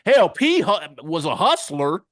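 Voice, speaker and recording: A middle-aged man co-hosting a podcast, talking in casual, animated chat full of street slang and quick laughs. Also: sits high. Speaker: podcast co-host.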